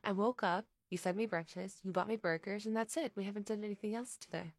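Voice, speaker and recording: A woman voicing a flustered, embarrassed woman who answers quietly and hesitantly, in a story reading. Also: medium pitch, fast, no room sound, close to an everyday voice. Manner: quiet, hesitant, sometimes defensive.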